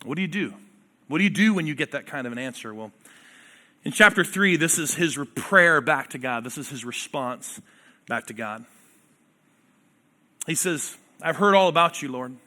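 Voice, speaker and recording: A male pastor delivers a sermon in a high, bright, forceful voice. He reads scripture aloud and unpacks it. His delivery keeps swinging between loud, emphatic stretches and hushed, quiet ones. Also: lively intonation, moderate pace, long pauses.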